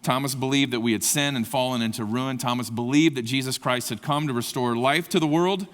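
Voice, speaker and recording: A man's voice: mid-range voice, a little fast, fairly bright tone. A man preaching a sermon at a conference, speaking with passion that climbs to emphatic peaks. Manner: impassioned, rising to emphatic peaks. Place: large conference hall. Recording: long hall reverb.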